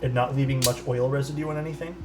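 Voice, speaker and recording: Over background music, a man speaks fast in a mid-range, fairly even voice as he puts together a keyboard live. He thinks aloud, answers chat in a relaxed way, and occasionally drifts out of mic range looking for parts.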